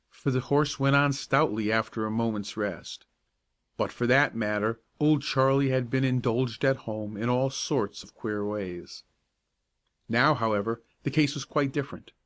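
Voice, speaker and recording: A male audiobook narrator reads a classic children's tale in a calm, measured way. His voice sits at an ordinary middle pitch and carries the story steadily. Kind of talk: scripted bedtime story narration.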